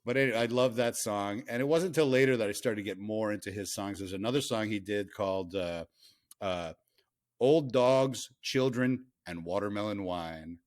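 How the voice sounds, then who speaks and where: A man hosting a casual podcast chat, animated and laughing often, often trailing off and restarting. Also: fairly low pitch, normal speed. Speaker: podcast host and songwriter.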